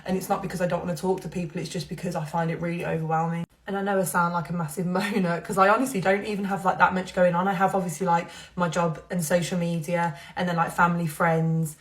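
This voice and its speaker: A young woman talks openly while she gets ready, rambling from one thought to the next and laughing between them. Her voice sits on the lower side for a woman. It has the loose, confessional feel of a personal video. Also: little pitch movement, quick pace, few pauses. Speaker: social media creator. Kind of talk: confessional get-ready-with-me chat.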